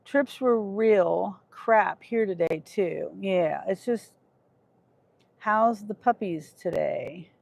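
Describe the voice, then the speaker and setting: A woman's voice: medium pitch, slow pace, gravelly, darkish tone. A woman in Kansas chatting on a casual livestream about her gig driving, reading her chat and talking in a short-tempered, trailing way. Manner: talks to chat, irritated, trailing off. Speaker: livestreaming gig delivery driver.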